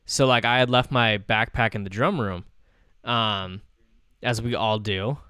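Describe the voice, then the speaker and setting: A man's voice: fairly low pitch, steady tone, measured pace, bright, forceful tone, clean tone, no echo, studio quality. A man in his twenties hosting a podcast, telling casual stories in a rambling way, full of filler words and swearing. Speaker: podcast host. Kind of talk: casual chat.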